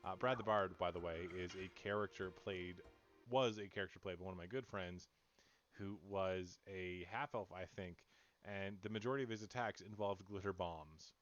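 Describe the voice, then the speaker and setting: Brief: young adult male streamer, lowish voice, jokey and rambling, over loud game music. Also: normal speed, dull audio. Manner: rambling, joking, talks to chat. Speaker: let's play streamer. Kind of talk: casual gameplay commentary.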